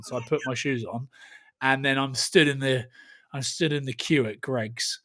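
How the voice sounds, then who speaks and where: A man's voice: medium pitch, moderate pace, fairly bright tone. A man, telling a rambling story in casual podcast chat and swearing freely. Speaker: podcast host.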